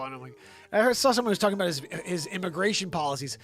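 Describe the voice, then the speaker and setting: A man's voice: on the high side, expressive, fairly quick, soft background music. A man hosting his own online show, ranting about politics in a heated, profane and sarcastic way.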